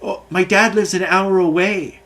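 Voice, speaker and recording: A man's voice: sits high, fairly even intonation, unhurried, a bit bright, voice pushed up. A man voicing an upset twelve-year-old boy near tears who frets and stumbles over his words. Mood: fretful. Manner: fretful, stumbling, pleading.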